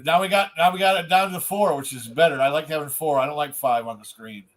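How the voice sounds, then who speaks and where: A man with a high voice hosts a live stream over a video call. He jokes loosely with his guests and often trips over his own words. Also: fast talker. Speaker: host of a live music talk stream. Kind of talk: casual live stream chat.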